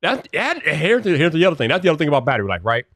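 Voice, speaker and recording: A man's voice: fairly high pitch, big pitch swings, very fast, fairly bright tone, no echo, clean studio sound. A man hosting a casual tech live stream and chatting to viewers' comments. He talks in loose slang, stumbles over repeated words and grows exasperated when things glitch.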